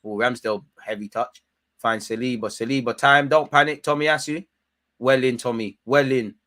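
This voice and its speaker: A young man hosting a live football watchalong, talking casually in slang and shouting at the referee. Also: mid-range voice, steady tone, normal speed. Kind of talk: live match reaction commentary.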